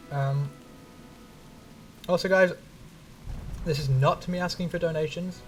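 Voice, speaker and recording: A man's voice: mid-range voice, darkish tone. Chatty English man streaming, distant mic. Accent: neutral English. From England. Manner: rambling, chatty, casually swearing. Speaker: game streamer. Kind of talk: casual gaming stream chat.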